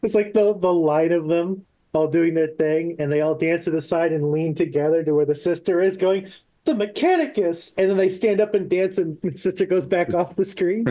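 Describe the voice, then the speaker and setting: A man's voice: on the high side, fairly even intonation, normal speed, hardly any pauses, warm tone. A man playing a character in a tabletop role-playing game, chatting casually. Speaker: player.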